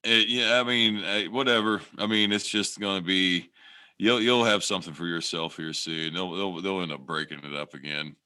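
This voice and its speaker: A man's voice: sits low, fairly even intonation, moderate pace, bright, forceful tone, smooth, no echo, studio quality. A man co-hosting a podcast in casual chat, rambling and swearing a lot, often restarting his sentences. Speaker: podcast co-host.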